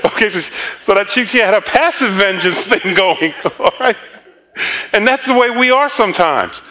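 A man's voice: high voice, animated, moderate pace, bright, forceful tone. A man preaching a conversational sermon, telling stories with chuckling asides and repeated words.

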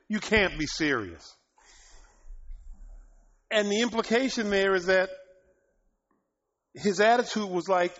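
A man preaching a sermon, often laughing and rising to loud, emphatic bursts, in a dull lo-fi recording. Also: sits high, expressive, slow pace, pauses often.

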